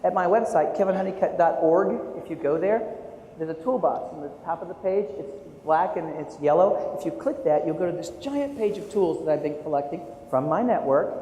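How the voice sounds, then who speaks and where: A man's voice: a little high, a little fast. Storytelling man in an echoey hall. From United States. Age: 40s. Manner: animated storytelling with self-mocking humor. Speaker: keynote speaker and art educator. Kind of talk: keynote talk to teachers. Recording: echoey hall, faint room noise.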